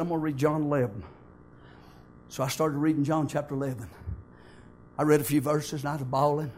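An older man tells his church testimony in a homespun, folksy way. His voice sits high for a man, and a faint hiss of noise runs underneath. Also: darkish tone. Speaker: church member giving testimony.

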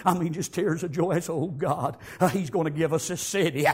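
A man preaching a sermon, acting out the story, shouting some lines and whispering others. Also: a little high, a little fast, slightly rough.

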